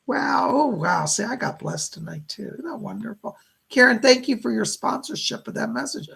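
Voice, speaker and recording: A middle-aged man gives a live psychic reading in a deeply gravelly, husky voice. He relays what the spirits say as quotes, peppering every sentence with "he said.". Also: lively intonation, a little fast, bright, forceful tone. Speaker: psychic medium.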